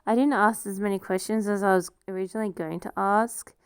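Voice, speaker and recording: Here a woman vlogger talks fairly quickly in a steady, smooth, mid-range voice, recorded in studio quality with no room sound. Her noticeable non-standard accent comes through as she rambles casually to camera about herself, self-deprecating and laughing frequently.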